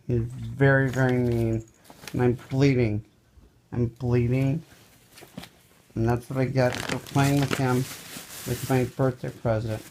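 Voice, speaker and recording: A woman's voice: extremely low pitch, background noise. A woman filming her cat at home in a casual home video, coaxing and scolding it with sudden exclamations.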